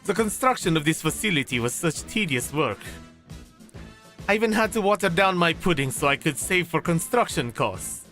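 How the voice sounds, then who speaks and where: A man reading the lines of a polite, glitchy robotic vault management system in a formal, measured way. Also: a little high, expressive, sharp tone, soft background music.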